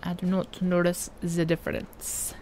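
Slow-talking woman joking over a game. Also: on the low side, monotone, a little mellow, a little hiss or hum. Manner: joking, impatient, talks back to game characters. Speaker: let's play gamer. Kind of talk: casual game commentary.

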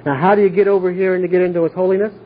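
Racing along in a high-pitched but flat delivery, a Bible teacher leads an informal study, earnestly repeating himself and frequently asking whether listeners get it. There's slight background noise, and the audio is tinny like a phone call.

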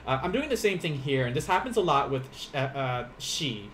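A man's voice: fairly high pitch, lively intonation, brisk, fairly bright tone, a little hiss or hum. Chatty man teaching Japanese. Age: 30s. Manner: chatty, rambling, laughs often, eats while teaching. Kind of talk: casual live-streamed language lesson.

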